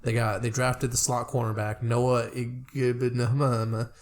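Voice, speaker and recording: Young man in relaxed, rambling sports chat. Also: mid-range voice, moderate pace. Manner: laid-back, rambling, fumbles names. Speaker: podcast co-host.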